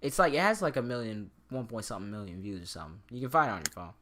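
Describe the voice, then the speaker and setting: Bright-voiced man rambling on a stream. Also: on the low side, expressive, rapid-fire, a little hiss or hum. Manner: rambling, many fillers and restarts. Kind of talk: casual stream chat.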